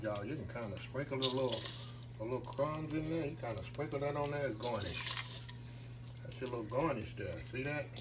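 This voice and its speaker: A man's voice: on the high side, heavy background noise. A man hosting a casual home cooking vlog, folksy and chatty, often calling out to viewers as y'all. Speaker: home cooking channel host.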